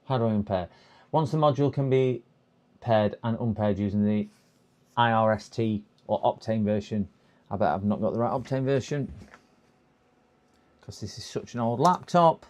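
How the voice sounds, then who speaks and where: Low-voiced man thinking aloud. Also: normal speed, pauses often, darkish tone. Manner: thinking aloud, hesitant, reading instructions half to himself. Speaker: repair streamer. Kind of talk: casual live-stream chat. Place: repair workbench.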